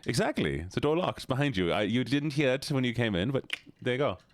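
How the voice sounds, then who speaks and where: A man's voice: mid-range voice, big pitch swings, brisk, no echo. Playful male streamer with put-on accents. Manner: playful, jokey, keeps slipping into put-on accents and silly voices. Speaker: livestreamer. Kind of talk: casual live-stream chat with viewers.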